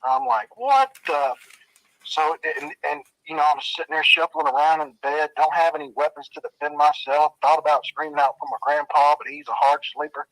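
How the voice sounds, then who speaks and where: A man spins a scary tale in a loose, drawling voice that sits a little high, and he throws in booming footsteps and other sound effects. The sound is close and dry, with no room behind it. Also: level tone, brisk, hardly any pauses, fairly bright tone, no room sound, poor audio. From Arkansas. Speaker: storyteller. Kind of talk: casual spooky storytelling.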